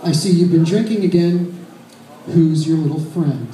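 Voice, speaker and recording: A woman's voice: low-pitched, moderate pace, warm tone, pitched below the performer's own voice, close to an everyday voice. A man voicing a cold, judgmental woman speaking in a dry, disapproving tone. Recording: roomy echo.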